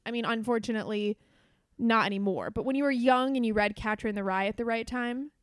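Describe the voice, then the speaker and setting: A woman's voice: on the high side, smooth, no echo, studio quality. A woman co-hosting a podcast in casual, jokey chat. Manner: chatty, jokey, talks in quick asides. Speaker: podcast co-host.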